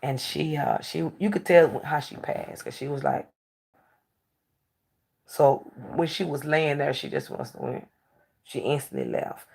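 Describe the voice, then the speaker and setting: A female talk show host tells stories in relaxed conversation, frank and outspoken, alternating between lively bursts and quiet asides. Her voice is deep and husky with vocal fry, a touch slow, and she pauses frequently.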